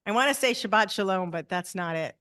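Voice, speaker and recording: A woman's voice: medium pitch, animated, brisk, pushed and bright. A woman opening an annual congregation meeting with chatty, enthusiastic welcoming remarks. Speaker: meeting presenter.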